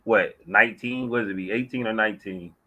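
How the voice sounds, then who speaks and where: A man's voice: on the low side, brisk, muffled recording, a little hiss or hum. A man co-hosting a casual sports chat, telling stories loosely with laughter. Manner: loose, animated storytelling with laughter.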